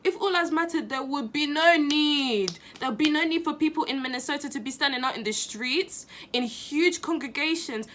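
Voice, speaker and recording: A woman's voice: high voice, sharp tone. A young woman talking in a casual opinion vlog, impassioned and emphatic, repeating phrases for stress. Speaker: vlogger.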